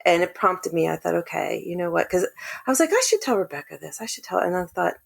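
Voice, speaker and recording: A woman's voice: on the low side, fast, gravelly. A woman guest earnestly telling a personal family story in casual conversation. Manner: earnest, animated when quoting others. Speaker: podcast guest.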